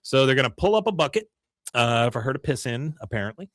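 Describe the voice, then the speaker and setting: Animated male podcast host, conversational recap, very lively pitch, dry close mic. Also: fast, no echo. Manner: animated storytelling, slips into character voices. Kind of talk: casual episode recap.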